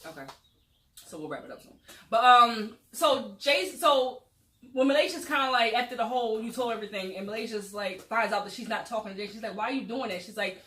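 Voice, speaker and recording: A woman's voice: fairly high pitch, fairly quick, fairly bright tone. A young woman animatedly retelling a book's plot in a casual group chat, acting out the quotes. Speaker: book club host. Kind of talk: casual book discussion. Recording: roomy echo, voice far from mic.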